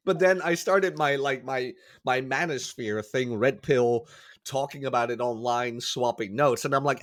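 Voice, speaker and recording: A podcast guest, still shaking off a cold, tells stories in casual conversation, unhurried and in a mid-range voice with a fairly bright tone. He tends to ramble, fixes his own words as he goes, and acts out quoted voices.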